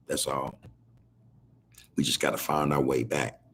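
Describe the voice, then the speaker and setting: A man's voice: extremely low pitch, fairly even intonation, measured pace, fairly bright tone, a little hiss or hum. A man hosting a podcast on a video call, talking in a preachy, rambling, drawling way. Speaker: podcast host. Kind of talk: casual commentary.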